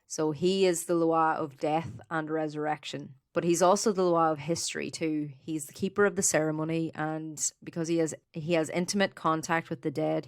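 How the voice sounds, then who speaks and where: Woman podcast co-host, low voice, dry close sound, relaxed storyteller. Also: dry recording. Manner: relaxed storyteller, reading researched notes with fillers. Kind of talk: casual podcast chat.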